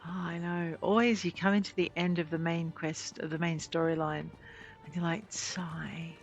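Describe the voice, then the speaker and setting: A woman's voice: on the low side, level tone, moderate pace, dull audio, faint music behind. A woman giving casual, chatty commentary while playing a video game and talking to its characters. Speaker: gameplay streamer.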